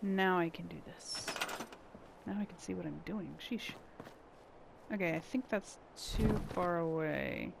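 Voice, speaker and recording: A woman talks through her gameplay in an unhurried, muttering way, thinking aloud as she goes. Her voice has a gravelly, fry-tinged edge. A steady background hiss runs under the recording. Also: fairly low pitch. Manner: thinking aloud, muttering to herself while building. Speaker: gameplay channel host. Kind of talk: casual gameplay commentary.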